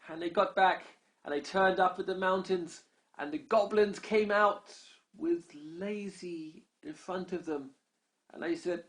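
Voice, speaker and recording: An adult parent making up a bedtime story for a child, speaking softly and unhurriedly, often dropping low and quiet. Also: measured pace.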